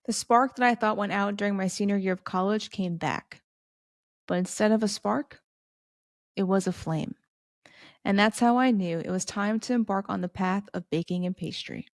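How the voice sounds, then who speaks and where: A woman's voice: medium pitch, normal speed, no echo. Earnest woman podcast host, dry sound. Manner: earnest and heartfelt, with playful asides. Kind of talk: personal monologue.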